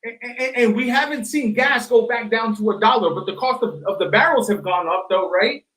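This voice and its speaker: A man on a discussion panel who argues loudly and emphatically, swearing as he makes his points. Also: very high-pitched, normal speed, low-quality recording. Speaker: panel guest. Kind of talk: heated panel debate.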